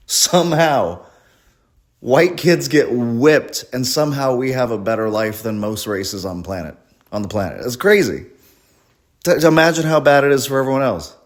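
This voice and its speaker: A man's voice: mid-range voice, expressive, moderate pace. A man performing a rambling, crude, self-deprecating stand-up comedy set at a live show.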